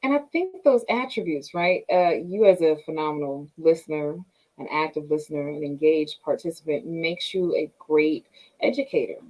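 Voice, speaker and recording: A woman's voice: deep voice, moderate pace, darkish tone, low-quality recording. A woman hosting an interview, who affirms and encourages her guest. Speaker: interview host.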